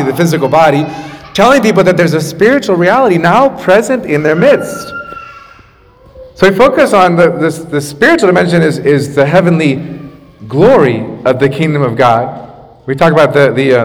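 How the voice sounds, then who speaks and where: A man pastor in his thirties preaches in a casual, chatty way, full of asides and restarts. His voice sits a little high for a man. It rings out with the long reverb of a church hall. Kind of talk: sermon. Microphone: makeshift microphone after the main one broke.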